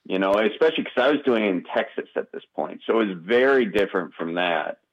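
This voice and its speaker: A man with a Wisconsin accent, appearing as a comedian guest in a casual interview, sounds animated but halting, stopping and restarting often with frequent fillers. His voice sits on the low side, and the audio is dull.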